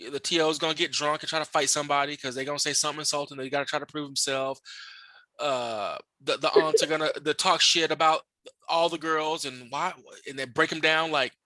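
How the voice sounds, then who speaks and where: Male podcast host, high bright voice, dry close sound, profane rambling storyteller. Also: no echo. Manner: profane, rambling, with frequent restarts and fillers. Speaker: podcast host interviewing a guest.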